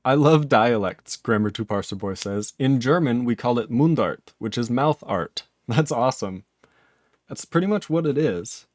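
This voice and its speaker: A man's voice: medium pitch, expressive, normal speed, no room sound, studio quality. A man live-streaming his programming work, thinking aloud in casual talk, chuckling often and chatting with his viewers.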